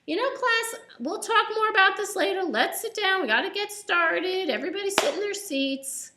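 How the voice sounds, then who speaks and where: A brisk female schoolteacher, put on by a woman telling a story, hustling the class into their seats. Her voice is lifted high and bright in a bossy singsong. She sounds lively and full of pep. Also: roomy sound, slight background noise, full character voice.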